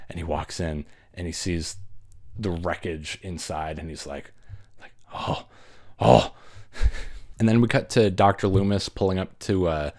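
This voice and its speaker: Low-voiced dude recapping a horror movie, laughing and cussing, doing little voices for the characters. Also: male voice, a little mellow. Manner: laughing, swearing, acts out characters in quick voices. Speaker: movie reviewer host.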